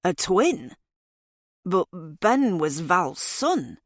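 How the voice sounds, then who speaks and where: A grieving middle-aged father speaks in hushed, worried tones, voiced by a woman reading an audiobook. The voice is low. The sound is dry and close. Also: expressive, measured pace, no echo. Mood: anxious.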